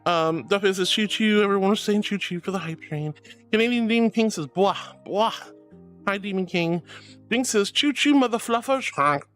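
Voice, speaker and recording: A woman streaming as a VTuber, casually reading chat with bubbly, affectionate warmth, calling viewers sweetie and honey. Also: expressive, normal speed, faint music behind. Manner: playful, swings between squeaky highs and low mutters.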